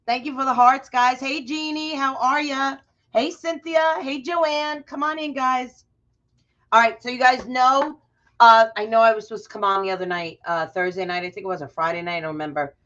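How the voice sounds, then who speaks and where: Woman, slightly high voice, friendly craft livestream host, muffled lo-fi audio. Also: a bit bright. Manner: chatty, greets viewers by name. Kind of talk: casual live crafting tutorial.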